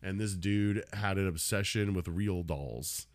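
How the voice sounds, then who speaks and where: A man's voice: sits low, unhurried, no room sound, studio quality. A man in his thirties hosting a solo comedy podcast, ranting casually with lots of swearing and laughter. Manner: profane, rambling, laughs often.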